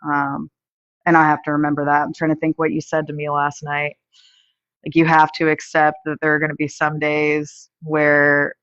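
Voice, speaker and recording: A caller with a middle-pitched voice talks hesitantly, pausing on ums and hunting for words. The call audio is dull and dry, with no room sound. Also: a bit bright, dry recording. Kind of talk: casual call-in chat.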